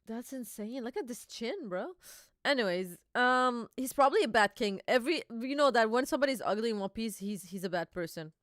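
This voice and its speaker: A woman's voice: fairly high pitch, animated, a little fast, a bit bright, no echo, clean studio sound. A young woman hosting a live reaction stream, chatty and giggly, reading dialogue aloud.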